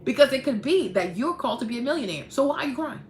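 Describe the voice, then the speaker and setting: A woman vlogger giving a casual, animated, faith-based motivational talk, acting out dramatic quotes and swearing casually. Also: high-pitched, quick pace, reverberant, a little hiss or hum.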